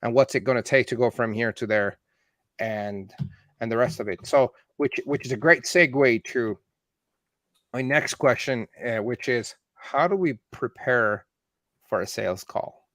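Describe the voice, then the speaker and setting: Man, podcast host, mid-pitched voice, dry close recording, rambling questions. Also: unhurried, a bit bright, no room sound. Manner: thoughtful, rambling questions with restarts. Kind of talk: interview questions.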